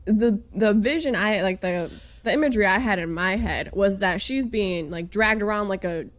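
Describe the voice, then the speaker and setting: A woman co-hosting a podcast in casual, expressive chat. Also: medium pitch, moderate pace. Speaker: podcast co-host.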